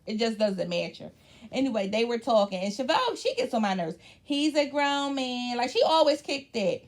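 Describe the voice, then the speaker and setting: Profane, animated woman recapping reality TV. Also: a little high, normal speed. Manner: blunt, profane, animated storytelling. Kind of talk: casual recap chat.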